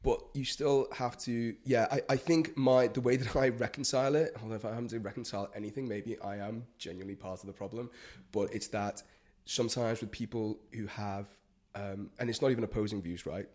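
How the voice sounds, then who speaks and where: Man telling a lively story. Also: lowish voice, fairly quick. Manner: animated storytelling, acts out quotes, swears, many fillers. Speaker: freelance broadcast journalist, guest. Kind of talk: casual podcast chat.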